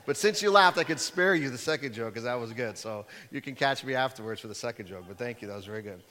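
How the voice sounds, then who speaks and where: Pastor in a reverberant church hall. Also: male voice, mid-range voice, fast. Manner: conversational storytelling, animated. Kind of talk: sermon with a joke.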